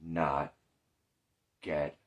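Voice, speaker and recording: A man's voice: very deep voice, level tone, extremely slow, muffled recording. A man in recovery telling his story in a candid, rambling monologue, swearing often and questioning himself aloud. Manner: rambling, profane, self-questioning.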